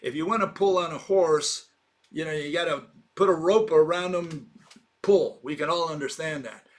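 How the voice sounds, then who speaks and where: A man's voice: fairly high pitch, normal speed. A man giving an informal, argumentative explanation, full of fillers and rhetorical questions. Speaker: lecturer.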